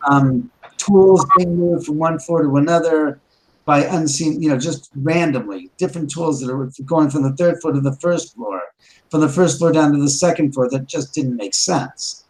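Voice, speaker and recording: A man's voice: a little high, moderate pace, darkish tone, low-quality recording. A man casually telling a ghost story about his house, rambling with restarts and acting out quoted dialogue.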